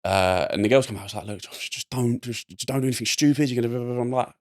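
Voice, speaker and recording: A young man from England telling a personal story as a podcast guest, rambling and animated with lots of fillers. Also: medium pitch, rapid-fire. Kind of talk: casual storytelling.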